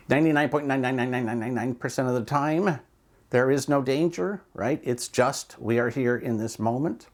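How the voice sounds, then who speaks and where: Man, mid-pitched, calm coach talking casually and reflectively, with asides. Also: normal speed. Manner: calm, reflective, with loose asides and self-talk examples. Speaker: speaker and coach. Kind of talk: casual talk on mindfulness.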